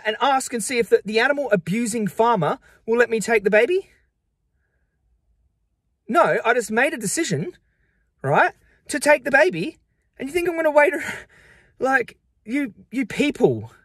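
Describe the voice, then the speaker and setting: Young male vlogger, frustrated, defensive, high-pitched, dry close mic. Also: fairly bright tone, dry recording. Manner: agitated, emphatic, repeating himself in bursts. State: upset and frustrated. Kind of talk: defensive monologue to camera.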